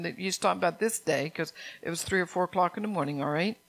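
A woman's voice: on the low side, quick pace, creaky, few pauses. An older woman preaching an earnest sermon, reading scripture aloud and asking her congregation questions.

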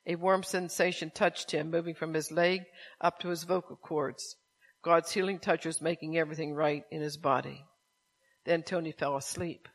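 A man preaches with a slightly high voice. He reads a story aloud, then turns to his listeners with pointed rhetorical questions about forgiveness. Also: a bit bright. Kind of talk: sermon with story reading.

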